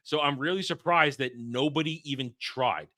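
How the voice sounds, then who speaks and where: A man with a bright, forceful voice and an opinionated, emphatic way of talking. He hosts a casual film review chat, recorded dry and close. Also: a little high, normal speed, no echo. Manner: opinionated, animated, emphatic rants. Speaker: podcast host reviewing a film.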